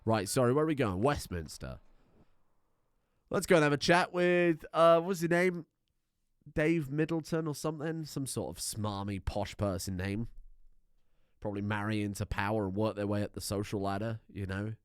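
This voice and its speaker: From his home desk, a man from the United Kingdom streams a game playthrough with let's play commentary, full of jokes and swearing. He speaks at a normal speed in a smooth, animated voice on the low side, recorded in clean studio sound with no echo.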